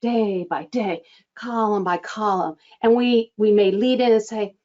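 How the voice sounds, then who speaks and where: A woman coaching front-desk staff on phone scheduling, acting out sample lines with lively changes of tone. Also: mid-range voice, measured pace, dull audio. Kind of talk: instructional talk.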